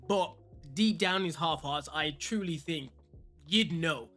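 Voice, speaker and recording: A man's voice: on the high side, a little slow, sharp tone. A man giving casual, opinionated reaction commentary on a fitness vlog, speaking straight to his viewers. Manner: chatty, opinionated, addresses viewers directly. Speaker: fitness vlogger reacting to a clip.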